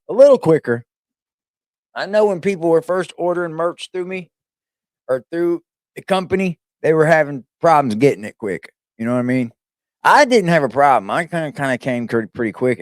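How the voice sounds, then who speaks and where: This is a man streaming live with a slightly raised pitch, talking freely and swearing as he goes. His voice sits in a dry, close sound with no reverb. He rambles casually to his chat and to his cat. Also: expressive, moderate pace. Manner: loose, profane, chatty, talks to his cat. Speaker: streamer host.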